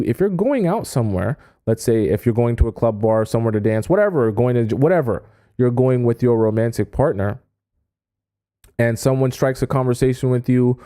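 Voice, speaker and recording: A man giving dating advice on a live stream, animated and often acting out quoted voices. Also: mid-range voice. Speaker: dating coach.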